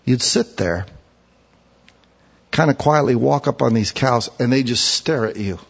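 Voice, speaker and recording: A man preaching a sermon, telling folksy stories and switching between quiet asides and loud, emphatic points. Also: mid-range voice, big pitch swings, moderate pace, gravelly, long pauses, slightly rough, long reverb tail, lo-fi sound. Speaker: pastor.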